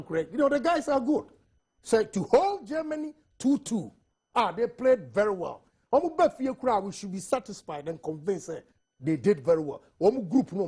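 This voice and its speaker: A man's voice: very high voice, a little mellow, husky. A Ghanaian man speaking emphatically on a TV panel, switching between Twi and English. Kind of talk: TV studio panel discussion.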